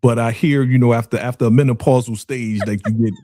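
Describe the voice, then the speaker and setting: A man hosting a casual TV recap chat, animated and laughing often, acting out the characters' dialogue. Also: medium pitch, fast, no echo, clean studio sound. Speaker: podcast host.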